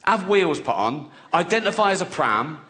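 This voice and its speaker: Giggling comedian on stage. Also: male voice, fairly high pitch, sing-song, normal speed, very noisy. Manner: laughs at his own jokes, swears freely. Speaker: stand-up comedian. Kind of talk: stand-up comedy set.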